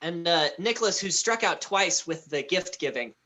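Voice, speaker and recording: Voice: mid-range voice, animated, normal speed, very noisy. A tabletop game player who narrates playfully and laughs often. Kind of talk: tabletop role-play.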